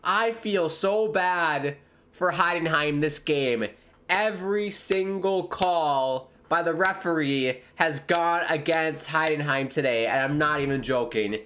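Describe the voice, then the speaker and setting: A young American man, a streamer commentating live on a football match with viewers, bursting into loud exclamations at big moments. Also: fairly high pitch, slight background noise. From United States. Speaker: watchalong streamer.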